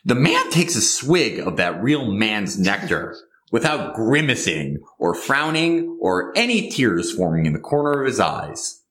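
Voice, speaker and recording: A man reading his own screenplay aloud in a comedy bit, halting and rambling when he is interrupted. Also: on the low side, sing-song, fairly bright tone, a little hiss or hum.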